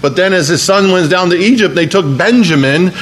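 A man's voice: high-pitched, a little fast. Man preaching a storytelling sermon. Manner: storytelling preacher who repeats words. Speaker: pastor.

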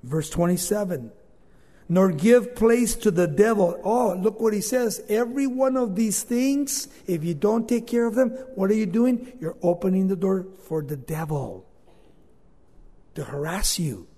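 A male preacher delivering an informal, storytelling sermon with big shifts in loudness. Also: high-pitched, expressive, a little slow, husky, long reverb tail.

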